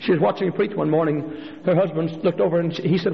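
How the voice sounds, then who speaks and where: A male pastor preaching a sermon in a church, swinging from hushed storytelling up to impassioned shouted refrains. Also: fast talker, vocal fry, slight background noise. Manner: impassioned preaching, climbing to shouted refrains, dropping low for stories. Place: church sanctuary. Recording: lo-fi recording with long hall reverb.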